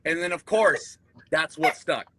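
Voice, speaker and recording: A man, a military veteran, telling profane, animated stories in casual chat. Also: fairly high pitch, a little slow, poor audio. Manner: profane, animated, acts out quotes.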